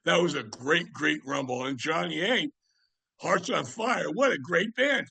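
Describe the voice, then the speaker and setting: Gravelly older man telling rambling stories. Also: a little high, very animated, moderate pace, pushed and bright, dry recording. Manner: rambling, with many fillers and restarts. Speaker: guest, music writer. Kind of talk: casual anecdotal storytelling.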